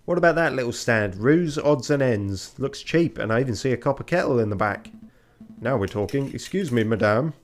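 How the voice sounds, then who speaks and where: A man's voice: medium pitch, lively intonation, moderate pace, soft background music. Man casually narrating a game stream. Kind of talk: casual let's-play commentary.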